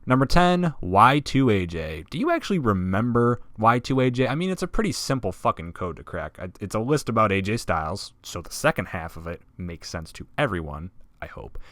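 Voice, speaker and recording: A man hosting a wrestling countdown video, narrating from a script with sarcasm and swearing and sudden loud emphasis. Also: fairly low pitch, very animated, fairly quick, few pauses, no room sound. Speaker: wrestling list video host.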